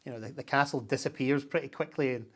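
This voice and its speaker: Scottish man telling lively stories. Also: medium pitch, fast talker, slightly rough. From Scotland. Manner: animated storyteller, laughs while talking, full of historical detail. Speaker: interviewee, content creator. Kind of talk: casual chat.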